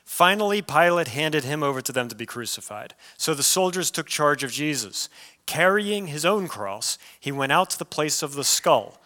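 A male pastor preaching a sermon in a conversational, lively way, with frequent asides to the congregation. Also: fairly high pitch, moderate pace.

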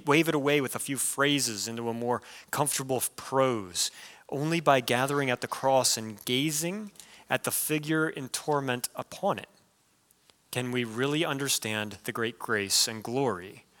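Bright-voiced man preaching conversationally. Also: mid-range voice, normal speed. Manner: conversational, lively preaching with audience asides. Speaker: pastor. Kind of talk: sermon.

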